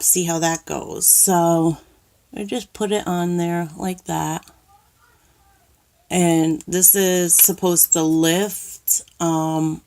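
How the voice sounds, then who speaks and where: Talking slowly through a casual makeup tutorial in a cluttered room at home, a New York-accented woman with a somewhat low voice rambles, fills pauses with ums and restarts sentences. This makeup vlogger is self-conscious and says she's a little nervous on camera, with slight background noise audible.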